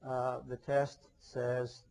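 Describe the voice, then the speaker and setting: An engineering lecturer speaks in a monotone, mid-range, slightly mellow voice, drawing out his words. His conversational webinar lecture is packed with fillers and restarts, and he often asks questions before answering them himself. The recording is of low quality.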